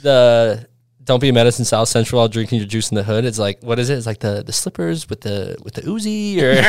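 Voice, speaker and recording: A man's voice: medium pitch, animated, fast, a little mellow, smooth, no echo, studio quality. A man hosting a podcast, chatting casually, rambling with restarts and laughing often. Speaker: podcast host. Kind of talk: casual chat.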